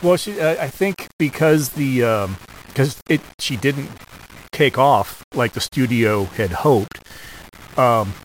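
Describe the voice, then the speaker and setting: A man co-hosting a podcast, chatting casually about an old film in a relaxed, hesitant way with many fillers. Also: mid-range voice, slow pace, slight background noise, low-quality recording. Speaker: podcast co-host.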